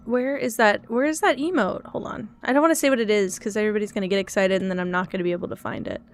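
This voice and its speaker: A woman's voice: medium pitch, very fast, a little hiss or hum. A young woman streamer chatting casually to her viewers, frustrated and self-critical as she talks through her troubles. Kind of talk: casual live-stream chat.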